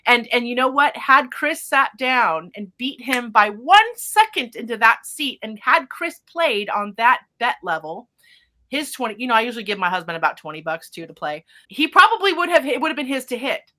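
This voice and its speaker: A psychic medium who hosts a podcast shares a story in a casual chat, full of animated excitement and spiritual terms. She talks at a moderate pace in a voice that's a little high.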